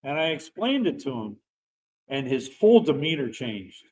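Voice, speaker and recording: A man's voice: medium pitch, normal speed, a little hiss or hum, rough recording. A middle-aged man, a veteran guest, telling a personal story in a casual, rambling way. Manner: rambling, animated storyteller who laughs while talking.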